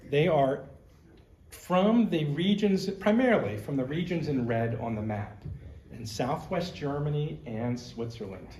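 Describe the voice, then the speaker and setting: A man's voice: fairly high pitch, lively intonation, measured pace, a little mellow, echoey room. A man giving a conversational history lecture as a museum curator, explaining with slides and personal asides.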